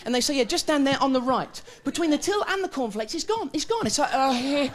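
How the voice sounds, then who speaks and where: A man's voice: very high-pitched, lively intonation, quick pace. A young man doing a stand-up comedy set on a TV studio stage, talking in a frantic, stammering, panicky way. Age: young adult. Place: TV studio stage with live audience. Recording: loud audience laughter and studio noise.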